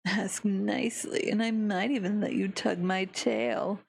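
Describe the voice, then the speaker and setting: A woman's voice: mid-range voice, steady tone, unhurried, vocal fry, breathy edge, exaggerated voice. A woman voicing a languid, sneering young male monster, drawling every line with derision while reading a visual novel aloud. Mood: derisive.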